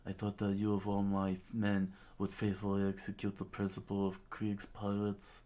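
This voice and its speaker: A man's voice: on the low side, monotone, normal speed, dark tone, lightly acted. A man doing a stern, scolding pirate captain.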